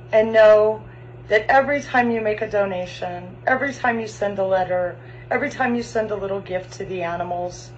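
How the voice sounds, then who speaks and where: A woman speaks with earnest, heartfelt gratitude as the co-founder of an animal sanctuary. Her voice sits at a middle pitch. A faint hiss of noise runs underneath. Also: dull audio. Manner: emotional, grateful, earnest. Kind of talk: heartfelt address, then outdoor tour.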